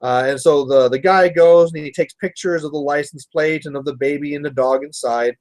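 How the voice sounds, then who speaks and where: Casual Canadian male streamer, rambling storyteller, slightly raised pitch. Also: fairly even intonation, normal speed, a little mellow. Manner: rambling storyteller, chatty with viewers. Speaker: miniature painting livestream host. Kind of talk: casual chat while painting.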